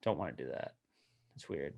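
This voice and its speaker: A man's voice: rumbling low, animated, a little fast, gravelly, darkish tone, dull audio. A young man co-hosting a podcast, teasing his friends and swearing in casual banter. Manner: teasing, profane, acts out voices in quotes. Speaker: podcast co-host.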